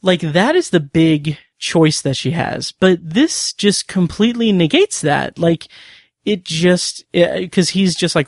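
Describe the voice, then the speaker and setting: A man's voice: high-pitched, animated, slow pace, dry recording, studio quality. A man hosting a podcast, casually recapping and reviewing a TV episode in a rambling way, with many fillers and restarts.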